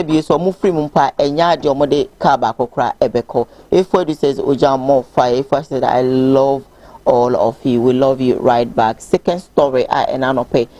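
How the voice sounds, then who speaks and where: A woman's voice: a bass voice, warm tone. Female host, Ghanaian accent, loose and chatty, reads viewer messages aloud. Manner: laughs freely, mixes languages. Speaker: talk show host. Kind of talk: casual chat, reading viewer messages.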